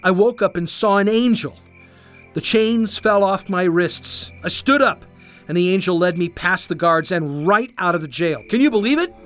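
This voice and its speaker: A calm, steady grown man from a children's storybook, as a narrator plays him, telling his tale with quiet wonder. The pitch still moves in a lively way. Soft music sits in the background. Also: normal speed, natural voice.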